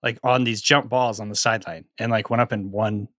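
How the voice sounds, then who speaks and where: A man's voice: lowish voice, steady tone, brisk, fairly bright tone, no echo. A man co-hosting a podcast in casual chat, analytical and rambling, with many fillers, on a studio microphone. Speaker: podcast co-host.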